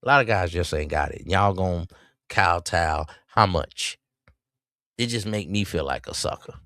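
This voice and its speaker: A man hosting a podcast, giving preachy, mocking commentary and jumping up in pitch to taunt. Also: normal speed, bright, forceful tone, no echo, clean studio sound. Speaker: podcast host. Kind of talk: reacting to clips with commentary.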